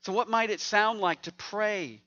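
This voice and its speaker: A man's voice: high-pitched, a little slow, sharp tone, highs cut off. A man preaching a sermon as pastor, conversational and joking with the congregation.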